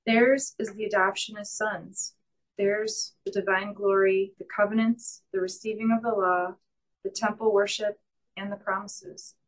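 A woman in a Bible study group reading a scripture passage aloud in a slow, measured way. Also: mid-range voice, flat delivery, rough recording.

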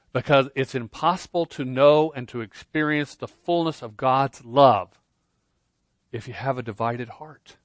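A man preaching a sermon, earnest, swinging between loud emphasis and quiet intensity, often repeating words as he starts a phrase. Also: mid-range voice, no echo. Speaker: pastor.

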